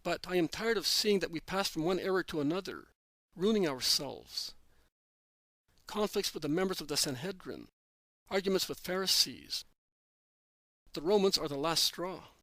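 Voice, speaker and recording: Judas: resentful, protesting apostle, read by a man, slightly high voice, dry recording. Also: animated, normal speed, fairly bright tone, dry recording. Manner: protesting, insistent. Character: Judas, anxious resentful adult male apostle.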